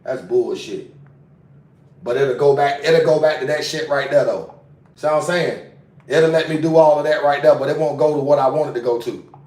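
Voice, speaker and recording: On a casual livestream, a man with a slightly high, somewhat mellow voice talks at a moderate pace, agitated and profane, repeating himself. He's far from the mic, so the recording sounds roomy.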